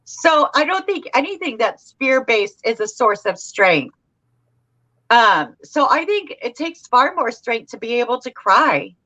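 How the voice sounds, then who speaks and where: A woman co-hosting a crafting livestream, speaking thoughtfully and earnestly and pausing to find her words in casual chat. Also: on the high side, sing-song, pushed and bright, no room sound. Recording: muffled lo-fi stream audio.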